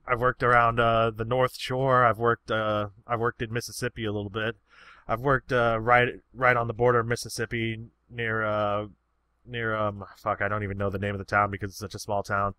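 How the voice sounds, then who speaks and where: A man's voice: mid-range voice, bright, forceful tone, clean tone, no echo. A man casually answering viewer questions, rambling and swearing freely in an easygoing, unpolished way. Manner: rambling and profane. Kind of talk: casual chat.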